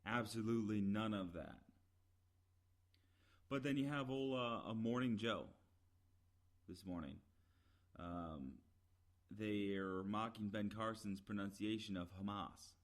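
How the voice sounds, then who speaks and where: A man's voice: on the low side, slow, pauses often. A man giving a rambling, opinionated solo commentary, with many "uh" fillers and emphatic, exasperated repetition. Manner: rambling, frequent "uh" fillers and restarts. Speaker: podcast commentator.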